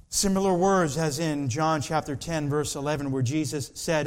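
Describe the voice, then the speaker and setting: A man's voice: on the high side, fairly even intonation, moderate pace, hardly any pauses, clear, resonant tone. A man preaching a sermon, reading scripture aloud and acting out Peter's insistent lines with rising emphasis.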